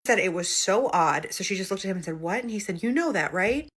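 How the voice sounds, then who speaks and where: A woman's voice: fairly low pitch, quick pace, fairly bright tone, husky. A woman narrating a spooky story time, retelling what people said in her own voice.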